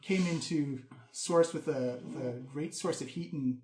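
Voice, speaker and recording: A courteous, formal female envoy, voiced by a man in a tabletop game, in a voice close to his own, slightly high. The room gives it a clear echo. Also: a little slow, a little mellow, slight background noise, lightly acted. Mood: polite. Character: polite female guild envoy returning items.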